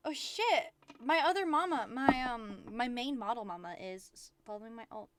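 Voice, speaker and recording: A woman VTuber chatting casually on a livestream, rambling excitedly and swearing often. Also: fairly high pitch, normal speed, noisy background. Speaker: VTuber streamer.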